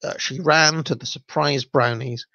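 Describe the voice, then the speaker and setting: Guy reading a kids story and chiming in with comments, gravelly, kinda muffled dry sound. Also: mid-range voice, steady tone, bright, forceful tone, no echo. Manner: halting, with fillers and laughs. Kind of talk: reading a children's story aloud with asides. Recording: dull, dry lo-fi recording.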